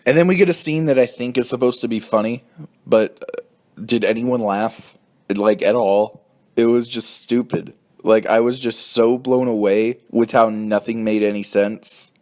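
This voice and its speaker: A man reviewing a TV episode in an angry, profane rant. He sounds exasperated, and his voice leaps up high when he gets indignant. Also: steady tone, moderate pace, a little mellow. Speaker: TV show reviewer.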